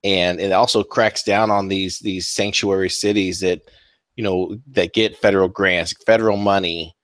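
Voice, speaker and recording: A man with a lowish voice co-hosts a political talk show and lays out the news in a steady, halting way. He leans on fillers like "you know" and "uh" as he goes, and his voice sounds dry and close to the microphone. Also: dry recording. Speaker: co-host. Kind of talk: casual political talk radio.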